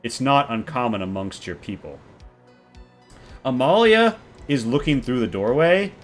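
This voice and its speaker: A man's voice: medium pitch, very animated, unhurried, soft background music. A man narrating a tabletop game as game master, in a loose, casual way with many fillers.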